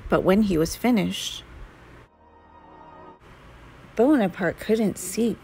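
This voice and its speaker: A woman reading a children's picture book aloud in a slow, gentle storytelling manner. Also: medium pitch, vocal fry, a little hiss or hum, low-quality recording.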